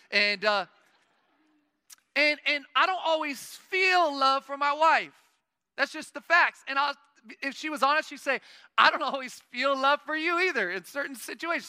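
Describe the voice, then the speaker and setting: Man, pastor, sermon, very bright tone, dry close voice, long hall reverb. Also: very high-pitched. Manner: earnest, conversational preaching with rising emphatic peaks. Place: church sanctuary.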